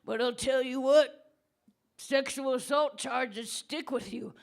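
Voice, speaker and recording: A woman voicing an unhinged old man who lives under a bridge, rambling slowly on a pub stage with sudden shouts. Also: high-pitched, full character voice. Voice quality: gravelly, creaky old-man voice. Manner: slow, rambling, with bursts of shouting. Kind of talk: comedic character monologue at a live debate.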